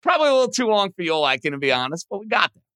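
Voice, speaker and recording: A sports radio host with a bright, forceful voice whose pitch swings freely as he thinks aloud through trivia questions. He talks casually and pokes fun at himself. The sound is close and dry, with no room around it. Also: rapid-fire, clean tone, no echo. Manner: animated, thinks out loud, self-deprecating.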